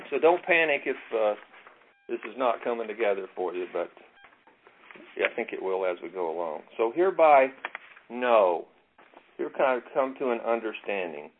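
A man leading a Bible study in a relaxed, self-deprecating way, reading scripture aloud and drawing out key words. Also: lowish voice. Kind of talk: casual teaching with scripture reading. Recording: tinny phone-like audio.

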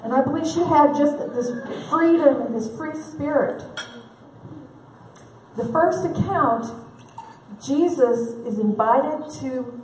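A woman's voice: high voice, slow pace, a little mellow, a little hiss or hum. A woman conference speaker giving a humorous faith talk, candid and self-deprecating, laughing often, heard from a distant mic in a large event hall.

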